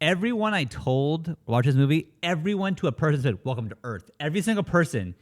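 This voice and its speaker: A man's voice: fairly high pitch, sing-song, a little fast. A man co-hosting a casual movie podcast, talking loosely and swearing now and then. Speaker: podcast co-host.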